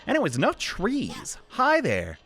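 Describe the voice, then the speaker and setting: A man's voice: sits high, wildly swooping pitch, measured pace, a bit bright. A young man casually commenting on his gameplay, joking and exclaiming, with rambling asides. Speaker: let's play host.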